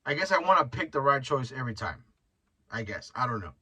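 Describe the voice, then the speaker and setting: A man's voice: mid-range voice, big pitch swings, fairly quick, pushed and bright, slightly rough, far from the mic. Blunt, profane man, slightly off-mic. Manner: rambling, blunt and profane, with frequent restarts. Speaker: podcast host. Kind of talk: casual solo podcast monologue.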